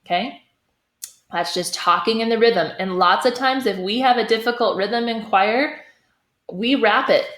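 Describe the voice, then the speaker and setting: A woman's voice: a little high, normal speed, a bit bright. A woman choir teacher giving a singing lesson, explaining vocal technique and often checking in with "okay?". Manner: demonstrates sung phrases, checks in with "okay?". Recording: echoey room.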